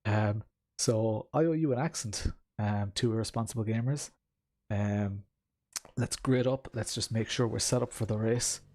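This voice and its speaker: A man's voice: on the low side, normal speed, darkish tone. A young man giving live, rambling commentary while racing in a sim game, laughing often and chatting to his viewers.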